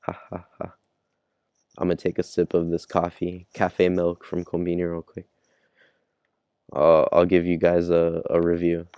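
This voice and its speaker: A man's voice: sits low, completely flat delivery, moderate pace, warm tone, clean tone, no room sound, muffled recording. A man casually reviewing a manga chapter, laid-back, chuckling and thinking aloud. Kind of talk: casual chapter read-along.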